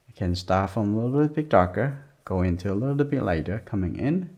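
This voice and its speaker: A man with a deep, gravelly, mellow voice talks an art lesson through as he draws. He murmurs in short, simple, broken phrases. The recording is dull and lo-fi. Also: animated, a little fast, few pauses. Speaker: art teacher. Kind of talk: drawing lesson narration while working. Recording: dull lo-fi sound.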